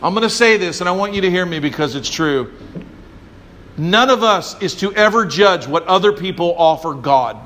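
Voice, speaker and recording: A man's voice: high voice, expressive, moderate pace, a bit bright. A male pastor preaching a sermon, emphatic and drawing call-and-response from the congregation.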